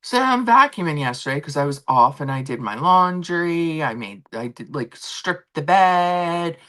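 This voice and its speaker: A woman with a low voice chats on a home stream, her pitch swinging widely as she tells stories. She rambles through everyday news and acts out what people said. The sound comes through a laptop and phone setup. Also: measured pace. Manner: chatty, animated storytelling with acted-out quotes. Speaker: streamer host. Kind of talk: casual chat.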